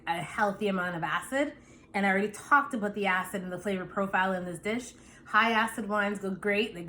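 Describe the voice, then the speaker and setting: A woman's voice: medium pitch, a little hiss or hum. Chatty woman tasting and pairing food. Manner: chatty, savoring, relaxed with fillers. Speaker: wine pairing vlogger. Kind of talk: casual tasting talk to camera.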